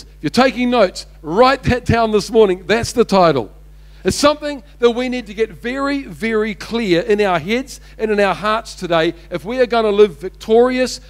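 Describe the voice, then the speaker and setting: A male pastor preaching a sermon to a church congregation, speaking emphatically, repeating his key lines and calling his listeners friends. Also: high-pitched. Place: church service before a congregation.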